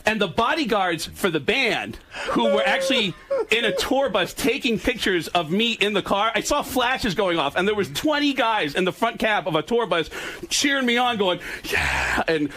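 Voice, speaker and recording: A man telling a long, raunchy story on a talk show, acting out the voices in it and breaking into laughs and shouts. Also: sits high, normal speed, a little hiss or hum. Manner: animated, acts out quoted voices, laughing and shouting at the punchline. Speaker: guest storyteller.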